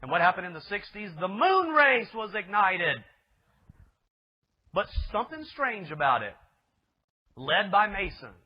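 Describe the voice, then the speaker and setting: A man's voice: sits high, very animated, unhurried, pauses often. A male pastor preaching a sermon with emphatic delivery, asking rhetorical questions of his listeners. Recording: dull lo-fi recording.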